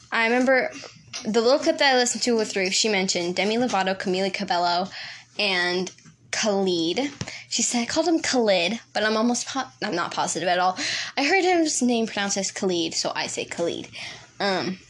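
A woman's voice: mid-range voice, normal speed, a little hiss or hum. A teenage girl hosting a podcast in casual chat. She rambles, giggles and talks to herself. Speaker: podcast host.

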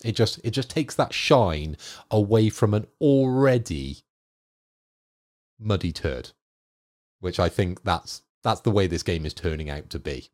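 A low-voiced man chatting on a gaming podcast. He weighs his opinions thoughtfully, and his pitch moves a lot as he talks. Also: lively intonation, unhurried, pauses often, darkish tone. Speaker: podcast co-host. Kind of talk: casual gaming podcast chat.

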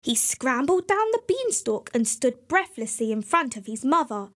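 A woman narrating a fairy tale in a slow, clear, expressive storybook style. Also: sits high.

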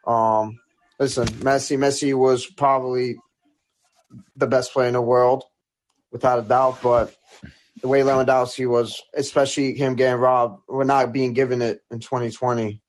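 A man's voice: mid-range voice, little pitch movement, moderate pace. A man talking loosely in a casual podcast chat, leaning on fillers and "bro". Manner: loose, laid-back, many fillers like "I mean" and "bro". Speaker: podcast co-host.

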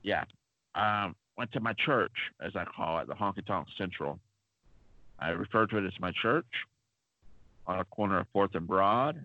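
A man with a lowish voice tells long, wandering stories on a casual podcast, filling pauses with plenty of ums and uhs. The sound is dull and lo-fi, close and dry with no room around it. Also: animated, no room sound. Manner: rambling, chatty, many fillers. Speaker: podcast co-host.

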